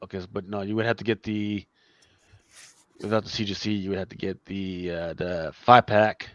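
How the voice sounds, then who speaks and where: A man hosting a casual livestream chat, talking in a relaxed, rambling way that often trails off. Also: on the low side, normal speed, no room sound. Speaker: host. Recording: dry, dull lo-fi sound.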